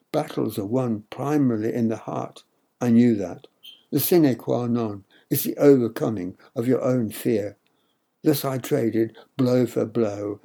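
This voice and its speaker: Gravelly older male narrator. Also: mid-range voice, mellow. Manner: measured, wry storytelling. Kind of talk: audiobook memoir reading.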